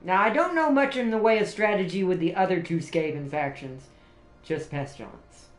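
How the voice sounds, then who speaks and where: A man with a high voice hosts a livestream at a normal pace, chatting casually, laughing often, and rambling with frequent restarts. The audio carries a roomy echo with faint music in the background.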